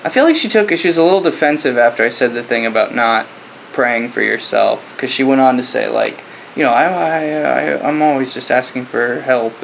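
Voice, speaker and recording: A man's voice: medium pitch, vocal fry, a little hiss or hum, low-quality recording. A man co-hosting a podcast in casual chat, telling stories loosely with profanity and laughter. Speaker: podcast co-host.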